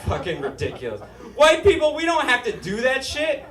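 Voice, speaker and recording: A young man with a high, whiny, nasal voice performs stand-up comedy on a live stage. The sound is roomy and slightly distant. Audience laughter rolls in behind him. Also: huge pitch swings, moderate pace, crowd noise. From Utah. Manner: whiny, nasal comic delivery, rising to shouts. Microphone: stage microphone.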